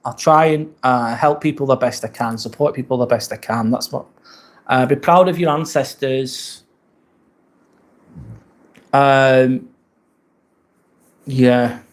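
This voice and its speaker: Relaxed British man live-streaming. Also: mid-range voice, takes it slowly, long pauses. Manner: relaxed, rambling, thanks viewers often. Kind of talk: casual live-stream chat reading comments.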